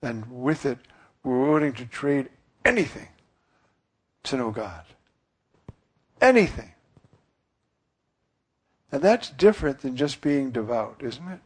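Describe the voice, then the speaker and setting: A priest giving an earnest, musing sermon, often pausing with fillers. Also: male voice, mid-range voice, a little mellow, husky.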